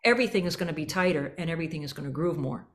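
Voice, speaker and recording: An energetic woman leads a band rehearsal, breaking off to scat and sing the rhythms she wants. Her talk is lively coaching in a school rehearsal room. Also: deep voice, rapid-fire. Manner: energetic, scats and sings rhythms to demonstrate. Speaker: band clinician. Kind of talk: rehearsal coaching with sung examples.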